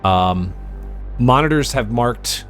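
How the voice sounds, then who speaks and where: Guy gm narrating a sci-fi tabletop game, rambly, lots of ums, mid pitch. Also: lively intonation, slow, a bit bright, faint music behind. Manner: loose, rambling description with many fillers. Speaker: game master.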